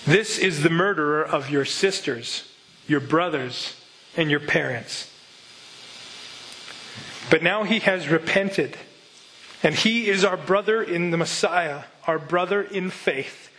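A preacher voicing a middle-aged pastor who speaks gently but firmly, in a measured, solemn way. The voice sits a little high and sounds bright and forceful. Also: male voice, low-quality recording. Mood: earnest.

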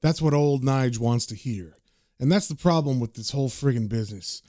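A man's voice: medium pitch, normal speed, mellow, no echo, clean studio sound, voice pushed down, natural voice. A man reading as a sardonic occult investigator. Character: cynical British male occult investigator, sardonic.

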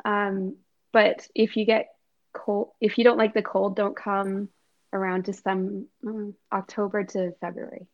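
A woman from Canada chats as a podcast guest, her voice carrying a gravelly fry. She talks loosely with many fillers and laughs often. The audio comes through dull and lo-fi. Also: mid-range voice, little pitch movement, a little slow. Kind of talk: casual interview chat.

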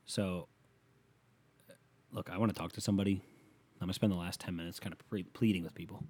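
A man's voice: sits low, steady tone, a little fast, a little mellow, slightly rough. A man hosting a solo podcast, ranting in a rambling, profane way, with a slight lisp on his s sounds. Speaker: podcast host.

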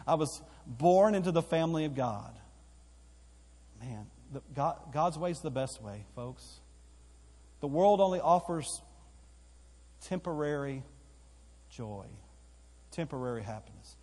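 A man's voice: a little high, animated, measured pace, pauses often, darkish tone. A man preaching a sermon as pastor in a church auditorium, with emphatic repetition that builds in force. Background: live congregation hall.

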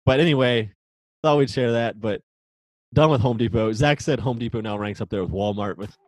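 A man in his twenties co-hosting a casual podcast, telling a story in an animated, exasperated way. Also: medium pitch, fairly quick, dry recording, rough recording. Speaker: podcast co-host. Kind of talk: casual chat.

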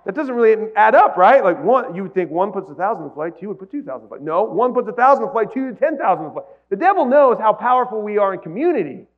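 A male pastor delivers a sermon in a high voice with wide pitch swings, speaking fast with few pauses. He chats casually with the congregation and climbs to emphatic peaks, and the sound has a phone-like quality.

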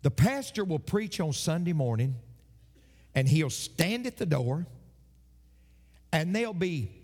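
A preacher man delivers a sermon in a high, lively voice that swoops up and down. He hammers his points home, repeating phrases for emphasis. His voice rings out with a long reverb tail. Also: unhurried, breathy edge. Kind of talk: sermon with a told joke.

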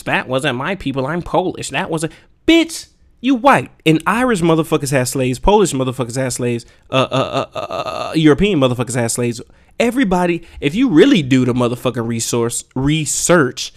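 A man hosting a podcast, delivering a heated, profane solo rant full of emphatic rhetorical questions. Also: a little high. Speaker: podcast host. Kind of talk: casual ranting monologue.

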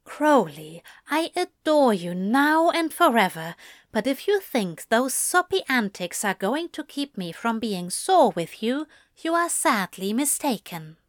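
A woman voicing a fond, gently teasing male caretaker figure in a storybook reading. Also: a little high, big pitch swings, unhurried, dry recording, studio quality. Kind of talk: audiobook reading of fan fiction.

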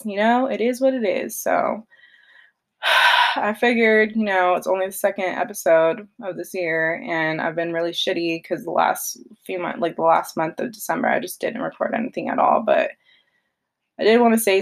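A young woman hosting a solo podcast, talking in a blunt, confessional way with a lot of swearing. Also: lowish voice. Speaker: podcast host. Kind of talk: casual solo podcast monologue.

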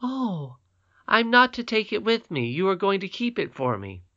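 A man voicing an eager little princess girl in an audiobook, high, breathless and excited. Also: normal speed, dull audio, exaggerated voice. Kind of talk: audiobook character reading.

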